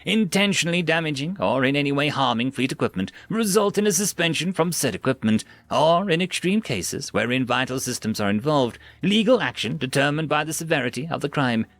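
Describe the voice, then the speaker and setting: A man's voice: fairly high pitch, expressive, a little fast, hardly any pauses, fairly bright tone, dry recording. A man playing a prim, smug food-dispenser machine. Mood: formal. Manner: prim, overly polite, scripted customer-service tone.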